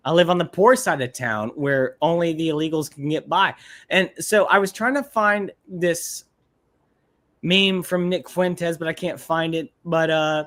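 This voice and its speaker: A man from Ohio co-hosting a casual livestream, ranting with crude language and lively swings in pitch. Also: measured pace. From Ohio, USA. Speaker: podcast co-host.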